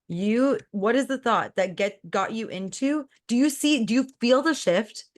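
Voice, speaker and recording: A woman business coach talks through a client's mindset on a coaching call. She is fast and emphatic, and her pitch jumps up when she acts out her own inner voice. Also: lively intonation.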